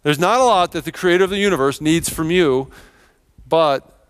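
A middle-aged male pastor delivering a sermon in a slightly higher-than-usual voice. He tells personal stories and acts out the voices he quotes, with lively swings between hushed asides and bright bursts. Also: normal speed, clean tone.

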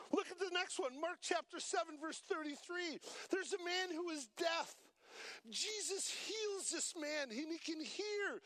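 A man preaching a sermon as pastor, animated and asking the congregation to repeat lines after him. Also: very high voice, unhurried, dry recording.

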